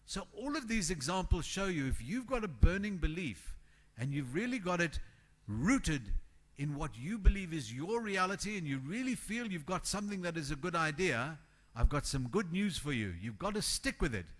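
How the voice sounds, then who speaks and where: A man with a fairly high voice delivers a motivational keynote to a conference audience in a hall. He's animated and emphatic, acting out the voices of the people he quotes.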